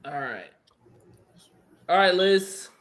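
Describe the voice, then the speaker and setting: A man hosting a casual sports podcast, talking in relaxed, loose banter. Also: high voice, slow. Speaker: podcast host.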